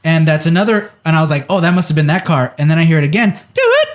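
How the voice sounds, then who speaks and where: A man's voice: on the high side, very fast. A man co-hosting a podcast, telling a story in casual chat and acting out the quotes with animation. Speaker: podcast co-host.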